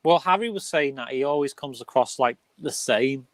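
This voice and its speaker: Animated Liverpool man, dry close sound. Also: mid-range voice, no room sound. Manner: animated, jokey, quick to exclaim. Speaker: film discussion co-host. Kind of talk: casual chat. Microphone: video call.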